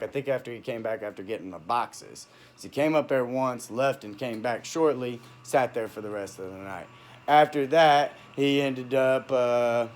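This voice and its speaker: A man telling his own story into a phone in a halting, heated monologue, full of restarts and trailing off. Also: medium pitch. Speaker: vlogger recounting a personal dispute. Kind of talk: unscripted personal monologue.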